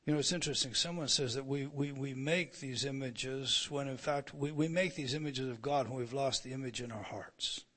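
A man preaching a sermon, restarting his words and asking the audience questions, rising to loud, emphatic proclamation. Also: medium pitch, moderate pace, hardly any pauses.

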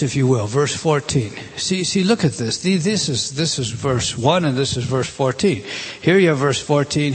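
Husky man teaching scripture emphatically. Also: mid-range voice. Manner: emphatic, repeats words and restarts phrases; reads scripture aloud and explains it. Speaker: Bible teacher. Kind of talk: verse-by-verse Bible teaching.

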